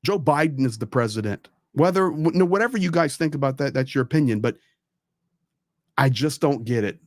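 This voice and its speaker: Man, show host, emphatic, repeats himself for stress, mid pitch, dry close recording. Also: lively intonation, fairly quick, no echo. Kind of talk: casual storytelling chat.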